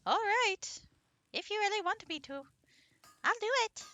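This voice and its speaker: Lady doing a squeaky little pixie, fake irish-scottish accent, way up high and loud. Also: expressive, unhurried, exaggerated voice. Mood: chirpy. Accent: mock Irish-Scottish mix. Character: tiny high-pitched pixie with a mock Celtic lilt.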